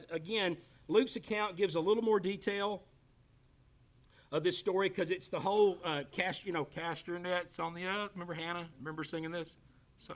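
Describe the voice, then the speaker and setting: Joking man teaching Bible class. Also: high-pitched. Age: 50s. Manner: joking, animated, teasing the class by name.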